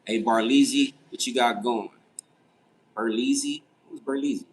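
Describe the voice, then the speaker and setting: A young man hosting a casual late-night livestream, reading chat and answering with animated, incredulous, profane reactions. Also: medium pitch, unhurried, a little hiss or hum, low-quality recording. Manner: animated, incredulous, swears freely. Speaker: livestream host.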